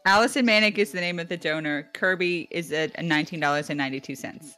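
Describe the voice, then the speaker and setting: A woman's voice: lowish voice, quick pace, pushed and bright, soft background music. A woman chatting playfully as co-host of a charity gaming stream, laughing often. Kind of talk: casual chat.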